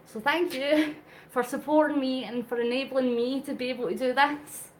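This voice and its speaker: Woman vlogger, high voice, earnest and emotional, slightly winded, phone mic, faint hiss. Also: steady tone, normal speed. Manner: earnest, emotional, reads out viewer comments. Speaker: vlogger doing a live charity cycle. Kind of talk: live-stream chat while cycling.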